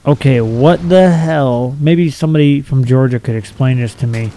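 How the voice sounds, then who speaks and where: A man's voice: medium pitch, normal speed, mellow, slight background noise, low-quality recording. A young man reading out silly laws and mocking each one in a blunt, profane, sarcastic way. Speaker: video commentator.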